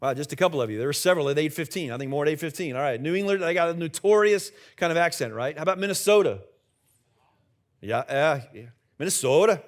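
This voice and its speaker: A man's voice: on the high side, lively intonation, rapid-fire, hardly any pauses. A middle-aged man, the senior pastor, preaching a conversational sermon in a church and joking with the congregation. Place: church sanctuary with live congregation.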